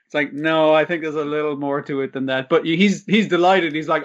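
A man's voice: fairly high pitch, steady tone, brisk, hardly any pauses, muffled recording. A man on a casual podcast, joking, swearing, and acting out characters' lines. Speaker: podcast co-host. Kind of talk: casual chat.

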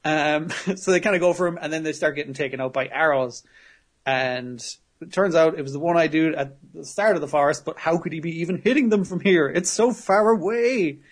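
Laid-back man recapping a show. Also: on the high side. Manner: laughs often, swears casually, acts out characters in quick voices. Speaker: podcast co-host. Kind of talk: casual chat recapping a show.

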